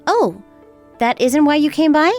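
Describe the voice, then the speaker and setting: A woman's voice: high voice, animated, a little slow, a little mellow, soft background music, pitched above the performer's own voice. A woman playing a calculating young wife in a texting-story drama, sweetly polite yet cutting. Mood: sweetly businesslike. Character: cool, calculating young wife getting even. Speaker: daughter-in-law.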